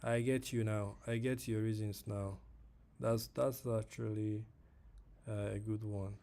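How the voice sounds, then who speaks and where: Man, live trading stream, slow unhurried delivery, warm dark tone, repeats phrases, talks to the chat. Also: on the low side, level tone, creaky. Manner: frustrated, talks to the price and chat viewers; repeats phrases, many fillers.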